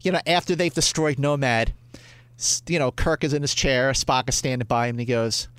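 A man as a podcast guest, gushing and excitable, often stammering and repeating himself. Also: medium pitch, fairly quick, smooth, no echo. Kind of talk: casual chat.

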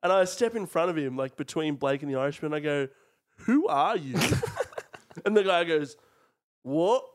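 A man on a comedy podcast, talking in casual, expressive banter and laughing often. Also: a little high, moderate pace, clear, resonant tone. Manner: expressive, swooping delivery with frequent laughs. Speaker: podcast co-host.

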